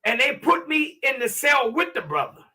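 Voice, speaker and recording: A man's voice: very high-pitched, very animated, normal speed, bright, forceful tone, distant mic. A man from New York, a guest telling a personal story earnestly, often repeating and restarting his words. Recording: voice set back from the mic.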